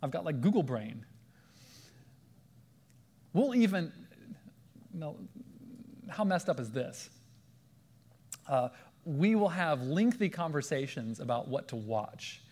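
Guy giving a sermon, kinda high voice, big hall echo, animated storytelling. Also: unhurried, pauses often, slightly rough. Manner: animated, acts out quoted voices. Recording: long hall reverb.

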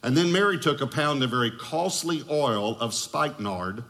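A man's voice: mid-range voice, animated, moderate pace, a bit bright. A man preaching a sermon as pastor, telling a story with joking asides. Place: large church auditorium. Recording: long hall reverb.

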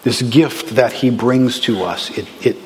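Lively man preaching in an echoey hall. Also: medium pitch, unhurried. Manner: lively, conversational, with bursts of excitement. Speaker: pastor. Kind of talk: sermon. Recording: reverberant hall with faint ambience.

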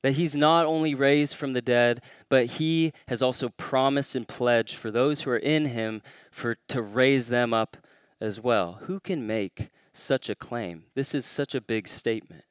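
A man's voice: medium pitch, unhurried, smooth, no echo, clean studio sound. A man preaching a sermon as a pastor, pressing hard on his main points and lifting his voice to stress them. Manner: emphatic, rising to stress key claims.

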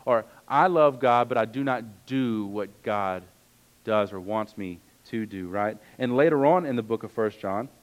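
A man's voice: fairly low pitch, a little slow, rough recording. Conversational man preaching a sermon. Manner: earnest, conversational preaching with asides. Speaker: pastor.

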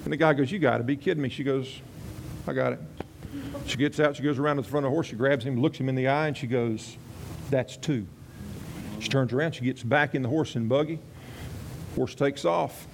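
A man's voice: mid-range voice, steady tone, fast talker, slight background noise. Folksy male preacher telling a story. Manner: folksy, conversational, rambling asides. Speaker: pastor. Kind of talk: sermon with storytelling.

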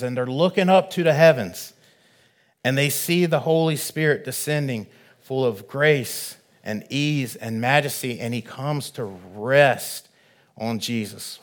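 A man preaching a sermon, measured and earnest, swelling louder on key phrases. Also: medium pitch.

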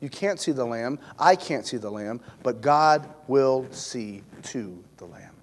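A man voicing an aged patriarch father, speaking gently and solemnly to his son. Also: medium pitch, animated, a little slow, lightly acted. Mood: tender. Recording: long hall reverb, faint noise.

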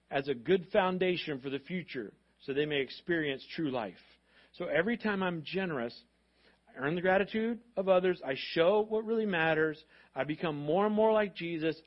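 High-voiced man preaching an animated sermon. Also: lo-fi sound. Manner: animated, acts out voices of parents and God. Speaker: pastor.

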